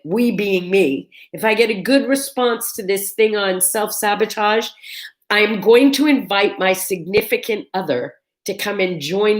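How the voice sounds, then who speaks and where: A middle-aged woman hosting her own vlog, talking to viewers in a chatty, upbeat way and often restarting her phrases. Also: medium pitch. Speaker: vlog host. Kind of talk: casual chat to camera.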